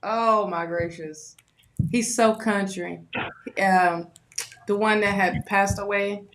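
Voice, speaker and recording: A woman co-hosting a tarot livestream, chatting casually with laughs and quick agreements. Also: medium pitch, steady tone, noisy background. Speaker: tarot reader and co-host.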